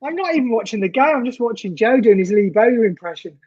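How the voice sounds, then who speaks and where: A woman's voice: on the high side, animated, quick pace, warm tone, highs cut off. A woman co-hosting a football reaction stream, chatting casually with dry, teasing banter. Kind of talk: casual live match reaction chat.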